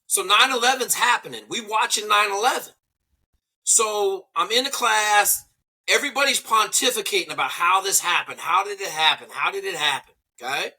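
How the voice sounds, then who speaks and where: A man's voice: sits high, bright, forceful tone, slightly rough. A man in his forties, a former special operations veteran, telling blunt, profane stories in a casual panel talk. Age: 40s.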